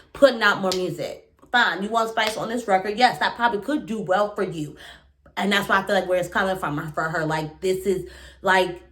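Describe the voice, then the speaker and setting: Woman doing a chatty reality tv recap, animated, tons of likes and you knows. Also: medium pitch. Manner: animated, chatty, lots of fillers and asides. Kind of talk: casual reaction recap.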